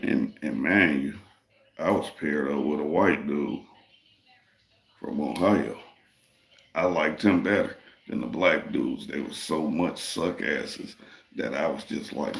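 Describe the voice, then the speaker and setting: A deep, gravelly man tells a long story in a loose, profane, streetwise way. His voice rings a little in an echoey room. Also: takes it slowly, pauses often. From Detroit, Michigan. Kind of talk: casual storytelling.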